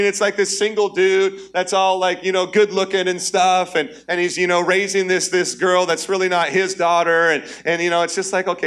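A man's voice: high-pitched, fairly bright tone. A man in his forties preaching a sermon in a church, conversational and humorous, calling out to the congregation. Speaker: pastor. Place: church auditorium.

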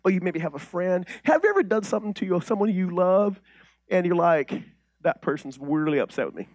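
A male pastor preaching a sermon, shifting between loud declarations and quiet conversational asides, with many rhetorical questions and restarts. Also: sits high, lively intonation, a little fast, no echo.

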